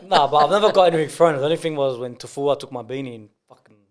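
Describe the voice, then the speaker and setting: A young man, chiming in on a podcast with quick, blunt remarks. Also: on the high side. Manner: quick interjections, blunt swearing. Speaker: podcast co-host. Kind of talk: casual chat.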